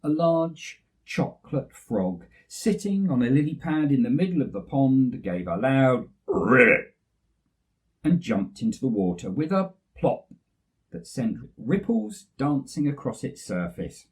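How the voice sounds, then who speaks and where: An English man reading a children's story aloud, lively and expressive. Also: medium pitch, a little slow, distant mic.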